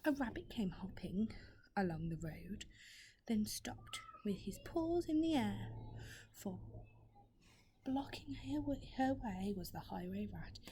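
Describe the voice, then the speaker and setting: A young woman, a primary school teacher, reads a picture book aloud in a hushed, gentle whisper. Her voice is mellow and soft, with little push, and she breaks off now and then to chat to her listener. A faint hiss sits in the background. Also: mid-range voice, very animated, takes it slowly, pauses often. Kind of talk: whispered storybook reading.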